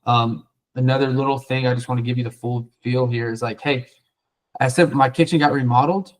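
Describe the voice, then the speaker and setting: A man's voice: medium pitch, steady tone, a little fast, low-quality recording. A man coaching a trainee on cold calls, blunt and profane, acting out the lines of callers and sellers. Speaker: sales coach. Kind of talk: coaching feedback after a sales role play.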